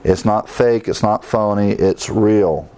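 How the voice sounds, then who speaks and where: A pastor teaching through scripture preaches a verse-by-verse Bible sermon in a conversational style, full of fillers and wry asides. His voice is on the low side, warm, clear and resonant, and he speaks slowly.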